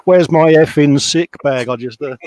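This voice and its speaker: A British man chatting casually on a live stream from his workshop bench, his voice sitting a touch high. He banters with his co-host and greets viewers by reading out their comments. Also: moderate pace, darkish tone, a little hiss or hum.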